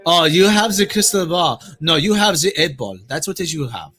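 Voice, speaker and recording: A man's voice: sits high, huge pitch swings, fairly bright tone, husky, heavily acted. A man voicing a pompous, scheming rich male media mogul with a put-on German accent, chuckling as he talks. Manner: smug, chuckling, drawn-out delivery. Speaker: co-host.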